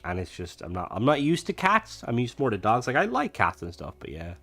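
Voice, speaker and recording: A man's voice: mid-range voice, huge pitch swings, a little fast, sharp tone, soft background music. Rambling young man streaming a game. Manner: rambling, full of "like" and fillers. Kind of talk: casual gameplay chat.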